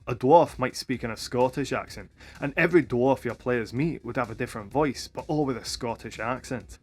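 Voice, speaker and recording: A man hosting a tutorial for game masters, talking to camera with upbeat, lively energy. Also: medium pitch. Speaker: YouTube host and game master.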